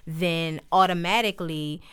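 A woman's voice: fairly low pitch, moderate pace, slight background noise. A young woman hosting a podcast, chatting casually and acting out the voices of people in her stories. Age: young adult. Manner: animated storyteller, acts out quoted voices. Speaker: podcast host. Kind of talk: casual conversation.

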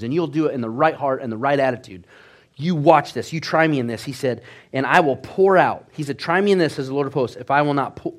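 Man, pastor, preaching a sermon, slightly high voice, animated, hushed-to-loud swings.

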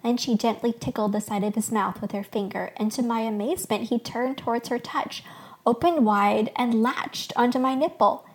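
A woman podcast host reading her own fictional story aloud, soft and expressive. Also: on the high side, moderate pace.

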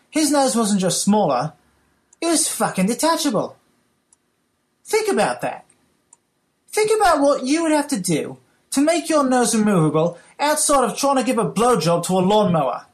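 A man with a put-on British accent voicing a pompous gentleman caller in a comic, profane voicemail rant. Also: high voice. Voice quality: mock-haughty, profane.

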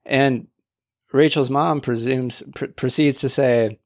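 Casual male podcast host, mid-pitched, rambling storyteller. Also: fairly even intonation, slow pace. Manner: rambling, many restarts, acts out quoted voices. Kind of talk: casual solo podcast monologue.

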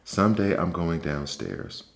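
A man voicing an eager, restless young male mouse in a soft-spoken ASMR bedtime story reading, with a bold, boastful manner. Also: low-pitched, big pitch swings, a little slow, vocal fry, full character voice. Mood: defiant.

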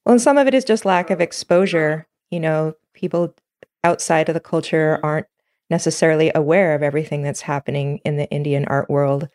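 Brief: woman interviewer, very low voice, calm and measured, close dry recording. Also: no echo. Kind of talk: interview questions and comments.

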